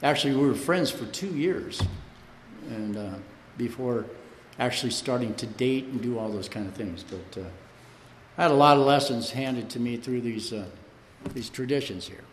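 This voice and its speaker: A man's voice: mid-range voice, normal speed. Guy telling his story at a meeting, rambly and chatty, big echoey hall, faint room hum. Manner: rambling, conversational, lots of "you know"; laughs while telling stories. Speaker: speaker sharing at a recovery meeting. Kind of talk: personal testimony at a meeting.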